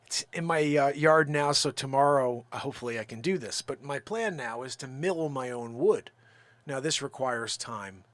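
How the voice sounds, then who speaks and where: A man's voice: mid-range voice, a bit bright, no echo. A man hosting his own live stream, telling a story casually and acting out the quotes in it. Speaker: livestream host and drum builder.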